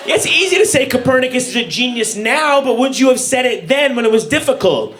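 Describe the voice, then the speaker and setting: A man's voice: extremely high pitch, expressive, brisk. A man performing a stand-up comedy set, ranting with sarcastic, incredulous, profane delivery. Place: comedy stage before a laughing audience. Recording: live room with loud crowd laughter.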